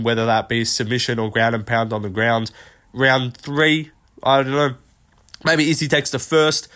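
This young man's voice is mid-range and slightly bright. As host of an unscripted fight-prediction vlog, he wanders through his picks, full of fillers and casual swearing.

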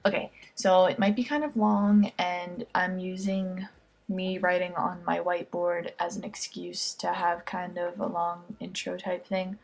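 Speaking close up into her computer webcam mic, this amateur Spanish tutor, a teenage girl, runs a chatty, jokey homemade grammar lesson that keeps drifting off topic. Her lowish voice carries vocal fry and a level tone, and she speaks at a measured pace.

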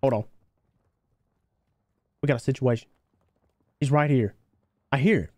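A man's voice: medium pitch, unhurried, pauses often, a little mellow, no echo, studio quality. A man streaming a game live, chatting casually and thanking viewers by name. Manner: laid-back, thanks viewers by name, calls them brother. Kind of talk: casual gaming livestream chat.

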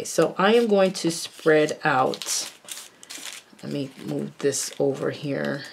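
A woman narrating a casual unboxing, gushing and exclaiming over each item and often dropping into soft murmurs. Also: low-pitched, vocal fry, a little hiss or hum. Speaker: craft vlogger unboxing a haul.

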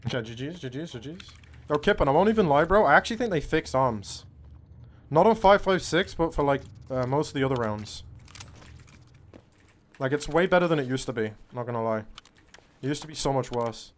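A man streaming a shooter game, chatting casually to his viewers, excitable and swearing often, calling everyone bro. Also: mid-range voice, brisk, pauses often. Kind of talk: casual live-stream commentary.

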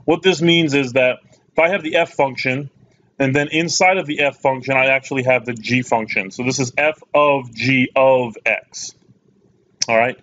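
Male math teacher for a video lesson: relaxed, plain-spoken, slightly dull lo-fi sound. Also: medium pitch, normal speed. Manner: casual, checks in with "okay?". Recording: slightly muffled lo-fi recording.

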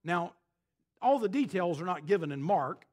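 Man, pastor, sermon, high voice, emphatic, dramatic pauses. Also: lively intonation, a little mellow. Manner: emphatic, preaching with dramatic pauses and quoted scripture.

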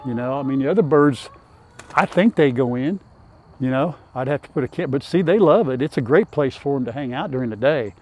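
A man's voice: medium pitch, fairly quick, darkish tone. An older man chatting folksily in a farm vlog, talking to his chickens and viewers outdoors by a pen on a lapel mic. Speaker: farm vlogger. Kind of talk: casual farm vlog talk.

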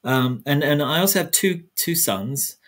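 Husky British man with Americanized speech. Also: on the high side, animated, measured pace, fairly bright tone. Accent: South London English mixed with American. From South London, England. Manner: chatty, rambling, many restarts. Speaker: guest historian. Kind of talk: conversational interview answer.

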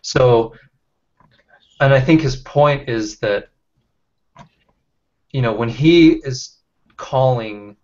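A man leading a casual online book discussion, talking haltingly with many fillers and restarts. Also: mid-range voice, darkish tone. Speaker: discussion leader. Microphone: webcam or computer mic on a video call. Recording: lo-fi video call audio.

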